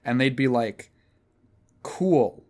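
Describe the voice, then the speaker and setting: A man's voice: a little high, animated, a little slow. A young man hosting a podcast, telling a rambling, profane, self-mocking story in casual chat. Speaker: podcast host.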